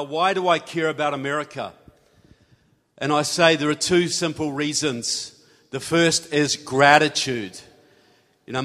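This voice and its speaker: A man's voice: medium pitch, fairly bright tone. A man from New Zealand with a New Zealand accent giving a folksy, earnest speech to a live audience. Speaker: guest speaker. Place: large hall. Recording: hall reverb.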